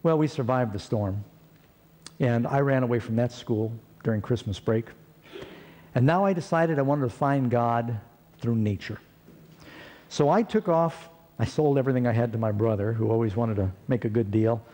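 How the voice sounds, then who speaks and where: A man's voice: mid-range voice, normal speed. A man telling a personal story in a sermon, acting out the quotes of the people in it. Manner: animated storyteller, acts out quotes. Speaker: preacher. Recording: long hall reverb.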